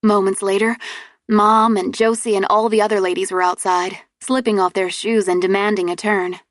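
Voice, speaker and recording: Lady narrating a first person audiobook, lively, dry close sound. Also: mid-range voice, moderate pace, no echo.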